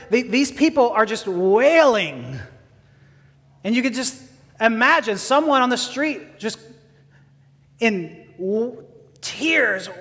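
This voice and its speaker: A Texan man with a very high, somewhat bright voice preaches a sermon earnestly and with passion, building up to emphatic declarations. The recording carries a long hall reverb.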